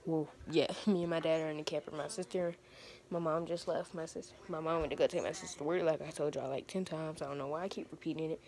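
Low-voiced young woman rambling to viewers. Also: steady tone, fast talker, darkish tone. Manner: rambling, repeats herself, addresses viewers as y'all. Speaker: vlogger. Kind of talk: casual vlog chat. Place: camper.

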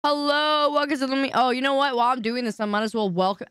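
A woman's voice: sits high, steady tone, fast, fairly bright tone, clear, resonant tone, no echo, studio quality. A woman streamer in casual live-stream chat, whiny and indignant as she bickers with her chat.

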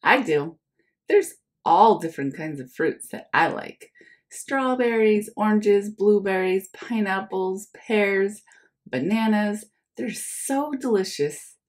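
A young woman teacher reads a picture book aloud to children, friendly and calling them her friends. She speaks slowly, with a lively, sing-song rise and fall. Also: medium pitch. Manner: friendly, addresses listeners as friends.

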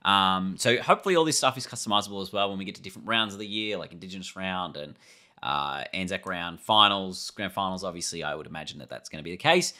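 A man with a low voice that still comes across bright and forceful. He talks casually through a trailer breakdown. He rambles and thinks aloud as he goes, like a gaming YouTuber. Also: quick pace.

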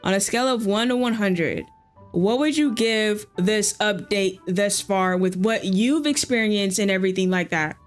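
A woman live streamer chatting casually and excitedly with her viewers while she plays, using lots of slang. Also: medium pitch, normal speed, faint music behind.

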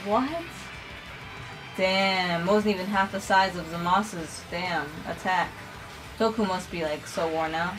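A young woman hosting a casual reaction video, talking excitedly, swearing freely and saying "like" a lot. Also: on the low side, a little slow, music in the background, rough recording. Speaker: reaction channel host. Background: anime episode audio playing.

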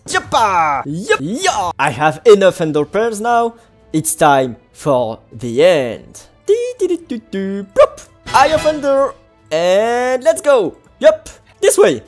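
A gaming host, commentating Minecraft gameplay in an excitable way, exclaiming and laughing often. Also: medium pitch.

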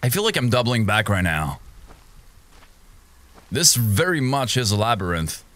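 A man's voice: lowish voice, sing-song, unhurried, a bit bright, slight background noise. A young man commentating a horror game playthrough, talking to himself and yelping and gasping at scares. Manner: jumpy, yelps and gasps at scares, talks to himself. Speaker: gaming streamer.

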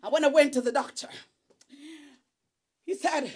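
A woman's voice: high-pitched, unhurried, darkish tone. A middle-aged woman giving a fervent church testimony, exclaiming and calling out to the congregation.

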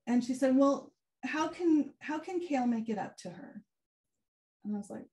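A woman giving a keynote talk, telling a personal story in an animated way and acting out the quoted dialogue. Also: fairly high pitch, measured pace. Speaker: keynote speaker. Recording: far from the mic, some echo.

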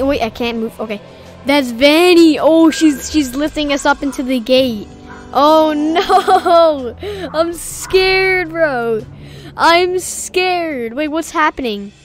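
A young woman commentating a horror game as she plays, excitable and easily scared, shrieking at frights and dropping to whispers. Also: sits high. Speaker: gaming video creator. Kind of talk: let's play commentary.

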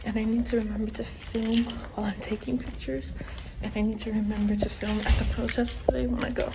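A seventeen-year-old girl chatting excitedly to her phone camera in a casual, slangy vlog. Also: mid-range voice, fairly quick. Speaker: vlogger. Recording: loud background street noise.

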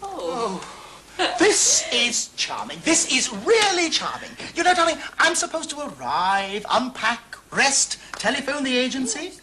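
An actor playing a clumsy, flustered son-in-law who makes dry, sarcastic asides. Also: male voice, very high voice, very animated, unhurried, pushed and bright, slight background noise, heavily acted, low-quality recording. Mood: flustered wry. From England. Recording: sitcom studio with audience laughter.

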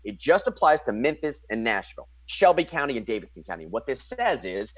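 An excitable man co-hosts a casual political talk show, slangy and quick to react as he reads news items aloud. His voice sits at a middling pitch. The sound is dull and lo-fi, with a dry, close feel. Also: dry recording. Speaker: podcast co-host.

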